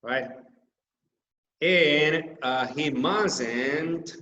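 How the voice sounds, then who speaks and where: Spanish-speaking guy teaching english, slow and careful, repeats examples, roomy echo. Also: medium pitch, lively intonation, fairly bright tone, lo-fi sound. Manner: slow, repeats example sentences with stressed words. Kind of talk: slide-based grammar lesson. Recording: echoey room.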